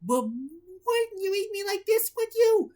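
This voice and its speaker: A woman's voice: high voice, expressive, measured pace, sharp tone, voice pushed up, heavily acted. A woman voicing a frantic, nervous young cartoon sponge who has turned into a burger.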